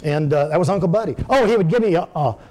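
A man's voice: on the high side, expressive, fast, a little mellow. An older man telling folksy personal stories in a sermon, speaking directly to his congregation. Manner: folksy storytelling, addresses the audience directly.

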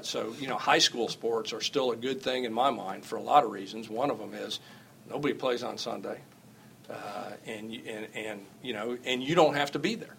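A man's voice: mid-range voice, gravelly, a bit bright, a little hiss or hum, low-quality recording. A middle-aged man teaching a church class in an informal, rambling way, with many fillers and restarts, often chuckling and turning wry and emphatic.

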